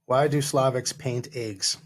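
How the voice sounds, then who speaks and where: Halting man reading facts on a podcast. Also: medium pitch, fairly even intonation, slight background noise. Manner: reads facts aloud haltingly, with many fillers. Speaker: podcast co-host. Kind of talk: casual chat.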